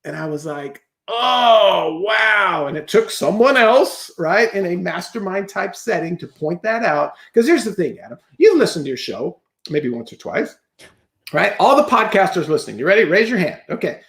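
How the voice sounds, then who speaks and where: High-voiced man telling animated stories. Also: creaky, echoey room. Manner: animated storyteller who acts out his own past thoughts; fast bursts with rhetorical "right?" check-ins. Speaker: podcast guest, entrepreneur. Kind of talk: casual interview chat.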